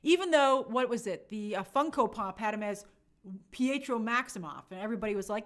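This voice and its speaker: A young woman hosting a casual live stream, reading viewer comments aloud and chatting in an animated way with many fillers. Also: a little high, a little fast. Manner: chatty, animated, lots of fillers and quoted asides.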